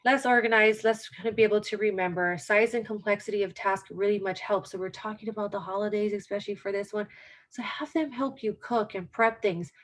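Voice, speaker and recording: A woman's voice: medium pitch, steady tone, a little fast. Earnest middle-aged woman teaching caregivers. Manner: earnest, repeats key points for emphasis. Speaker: dementia care educator. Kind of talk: informal caregiver presentation.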